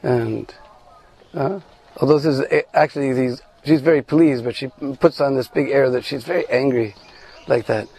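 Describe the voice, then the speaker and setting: A man telling a devotional story, animated, with many asides and fillers. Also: mid-range voice, moderate pace, breathy edge, low-quality recording. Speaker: spiritual storyteller.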